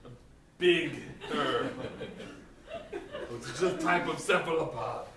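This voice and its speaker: A man's voice: a little high, slow, a loud crowd. A man playing a cautious, boastful male companion who frets in a live stage improv scene. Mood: fretful. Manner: fussy, theatrical, worried. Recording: echoey theatre, far from mic.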